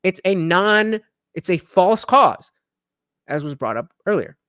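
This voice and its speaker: A man's voice: high voice, unhurried, dry recording, studio quality. A man hosting a livestream, reading chat comments and rambling with many fillers. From New Jersey. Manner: rambling, lots of fillers, animated. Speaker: livestream host.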